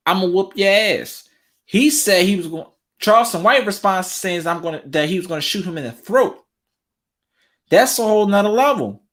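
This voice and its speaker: A man's voice: high voice, a bit bright. A man hosting a relationship talk show, giving casual commentary straight to his viewers and repeating phrases for emphasis.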